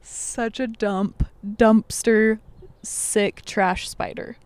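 A woman co-hosting a casual chat, reacting with gasps, teasing jokes and quick exclamations. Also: a little high, steady tone, a little mellow, smooth, dry recording. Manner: reactive, gasping, teasing listener.

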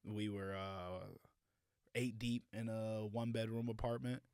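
Relaxed man co-hosting a podcast. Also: fairly low pitch, a little slow, clean tone, no echo, clean studio sound. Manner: relaxed, backchannels, loud laughs. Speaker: podcast co-host. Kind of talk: casual chat.

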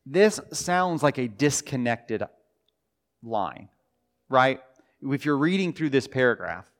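A man preaching a sermon in a church. He talks in a conversational way, often restarts, and slows down for emphasis. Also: mid-range voice. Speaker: pastor. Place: church sanctuary.

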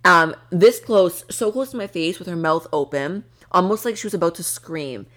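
A woman's voice: on the low side, moderate pace. A young woman co-hosting a podcast, chatting casually and telling spooky stories with lots of fillers. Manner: animated storytelling, lots of fillers. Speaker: podcast co-host. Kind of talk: casual chat.

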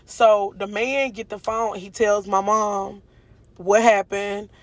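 A woman's voice: mid-range voice, level tone, slow pace. A woman recounts a frightening experience straight to her viewers. Her talk is candid and emotional, and it is full of ums and you-knows. The sound is dry and close, with no room echo. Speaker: storyteller recounting a car crash. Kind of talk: casual testimony to viewers.

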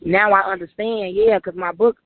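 This woman speaks in a mid-range voice at normal speed, her intonation fairly even, with no echo but a tinny, phone-like quality. Guesting on an interview as an author, she shares her life story emotionally in long, run-on stretches filled with "like."

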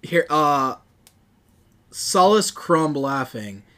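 Young guy co-hosting a podcast, bright voice, rambly and excited, lots of ums. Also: a little high, drawn-out words. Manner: rambling, enthusiastic, many fillers. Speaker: podcast co-host. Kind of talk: casual chat.

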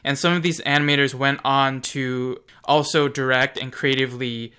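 A man's voice: medium pitch, steady tone, bright, forceful tone, clean tone. A young man co-hosting a podcast, sharing fun facts in a casual, explanatory way. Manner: shares trivia in a measured, explanatory way. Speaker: podcast co-host. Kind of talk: casual fun-fact chat.

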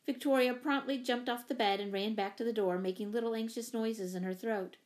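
A woman narrating a children's story in an even, expressive reading. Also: a little high, brisk. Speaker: audiobook reader. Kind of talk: scripted narration.

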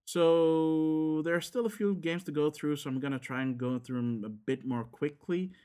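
A man's voice: a little high, normal speed, mellow, smooth. A man, chatting casually on a podcast and rambling with lots of fillers and restarts. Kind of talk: casual chat about games.

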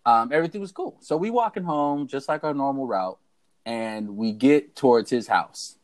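Young male podcast co-host, mid-pitched, storytelling, animated. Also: normal speed. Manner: animated storyteller who acts out the voices of people in his story. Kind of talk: casual storytelling chat.

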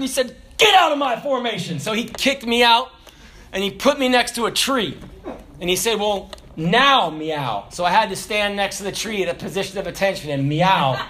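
A man with a notably high voice delivers a sermon. He moves between hushed storytelling and loud, shouted exhortation. A faint hiss of noise sits under the recording. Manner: storytelling, swings from low murmurs to raised shouted passages. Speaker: preacher.

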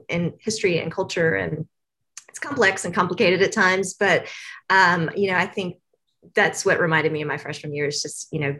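In a lowish, slightly bright voice, a Tennessee woman who works at a university answers an interviewer's questions. She's chatty and rambling, leans heavily on fillers, and laughs often.

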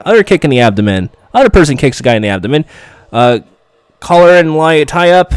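A man talks through a TV episode in a casual, offhand play-by-play, sarcastic and quick to swear. His voice sits a little high and sounds smooth, and he takes his time. The recording is dry and close. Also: very animated, dry recording. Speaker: TV episode recapper. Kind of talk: casual play-by-play recap commentary.

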